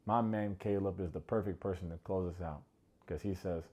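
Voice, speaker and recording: A man with a slightly low voice gives a casual recap of a reality TV show. He talks in a chatty, animated way and speaks straight to his viewers. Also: moderate pace. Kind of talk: casual video recap commentary.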